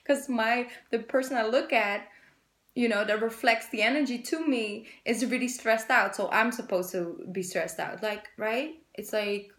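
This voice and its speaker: A woman's voice: fairly high pitch, unhurried, a bit bright, echoey room. A woman giving a casual tarot reading to her viewers, chatty and rambling, with the odd swear word. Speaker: tarot reader.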